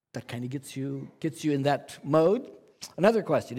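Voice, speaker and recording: A man's voice: medium pitch, expressive, moderate pace, a little mellow, slightly rough. A man teaching a congregation about evangelism, earnest and coaching, often asking rhetorical questions.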